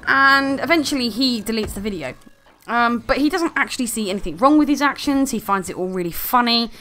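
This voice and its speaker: A woman's voice: on the high side, lively intonation, fairly quick, a bit bright, faint music behind. A woman ranting in an angry, sarcastic commentary video full of swearing.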